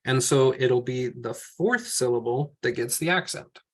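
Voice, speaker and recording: A man's voice: mid-range voice, measured pace, breathy edge. Man, teacher, mid-range voice, patient, step-by-step, thinking aloud. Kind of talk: classroom teaching over slides.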